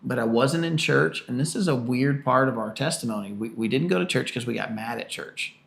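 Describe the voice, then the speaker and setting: A man in his early forties, a podcast co-host, telling a work story in a casual, animated way and acting out the people in it. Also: mid-range voice, a little fast, gravelly. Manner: animated storyteller, acts out quoted people loudly.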